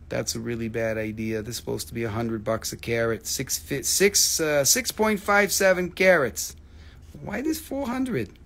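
A middle-aged man runs a live-stream rock sale in loose sales chat. His voice is gravelly and rough. He talks excitably, hyping each stone and swearing casually. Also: mid-range voice, slight background noise.

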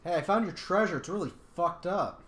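A woman's voice: fairly low pitch, lively intonation, a little fast, slight background noise. A woman co-hosting a gameplay video, chatting casually and teasing her partner with jokes. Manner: joking, teasing, playful. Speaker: let's play co-host. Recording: roomy echo.

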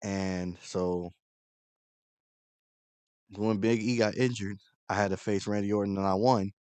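A man's voice: fairly low pitch, steady tone, a little slow, darkish tone, clean tone, no echo. A young man commentating his own gameplay, angry and frustrated, swearing constantly. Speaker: gaming channel host.

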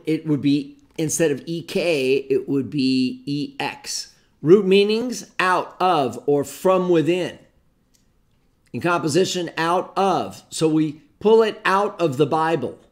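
This Bible study teacher has a fairly high voice and speaks a little slowly, working step by step through Greek grammar in an informal lesson. He rambles and talks to himself as he hunts through a book.

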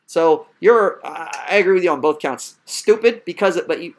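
A man's voice: sits high, normal speed. A man hosting a casual podcast discussion, making his points in an emphatic, argumentative way. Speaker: podcast host.

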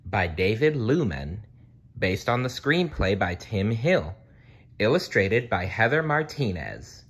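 A man reading a children's picture book aloud, expressive, with slips he corrects. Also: on the low side, slow pace, husky. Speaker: storybook reader.

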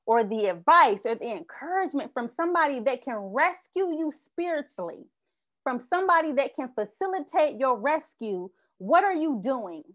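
A woman's voice: high-pitched, very animated, normal speed. A young woman giving a sermon built on a personal story, repeating short refrains for emphasis. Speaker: speaker.

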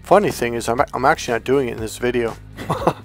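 A man hosting his own channel as a self-help coach, talking to camera in a relaxed, rambling way that keeps checking in with "okay?". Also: mid-range voice, quick pace, faint music behind. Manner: rambling and conversational, with restarts and "okay?" check-ins; calm, relaxed, comfortable delivery. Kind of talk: casual direct-to-camera talk.

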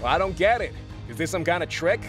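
Brief: man voicing a timid thug, plain hesitant delivery, a little high, soft music underneath. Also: lively intonation, quick pace. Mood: uneasy. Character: hesitant male henchman, dim and nervous.

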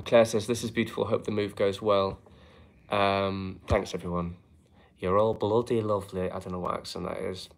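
A man chatting casually in his flat on a live stream, reading out viewer comments with dry, joking asides. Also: fairly low pitch. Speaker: musician hosting a live stream. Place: home flat, indoors.

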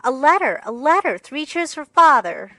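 A woman voicing a bold, tomboyish teenage girl who talks in a theatrical, excitable way, in a storybook reading. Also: on the high side, normal speed, no echo. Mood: excited.

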